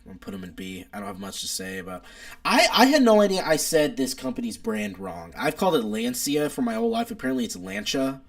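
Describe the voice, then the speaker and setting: A man's voice: a little high, huge pitch swings, fast talker, vocal fry. A young man, hosting a casual live stream, opinionated and rambling as he reads chat aloud. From United States.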